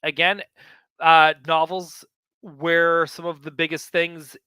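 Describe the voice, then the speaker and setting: An eager man chats casually through a magazine as a show host, rambling with plenty of fillers. His voice sits a little high and sounds bright and smooth. The recording is dry and close. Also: little pitch movement, takes it slowly, dry recording. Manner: enthusiastic, rambling with many fillers.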